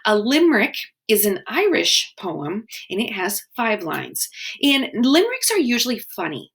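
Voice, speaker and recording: A woman leads a children's writing webinar in a friendly, encouraging way. Her voice has a gravelly edge and sits at a middle pitch. She slows right down to sound out words syllable by syllable. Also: fairly bright tone.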